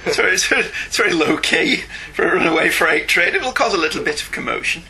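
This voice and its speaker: Bright, animated man teasing his co-host. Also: high voice, fast, gravelly. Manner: teasing, laughs often. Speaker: podcast co-host. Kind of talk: casual banter.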